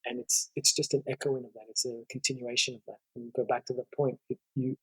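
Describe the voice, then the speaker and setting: A man with a slightly husky, breathy voice walks through an argument in a long conversational explanation. He is measured and lists points one after another. The sound is dry and close. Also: medium pitch, level tone, a bit bright, dry recording, poor audio. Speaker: guest lecturer.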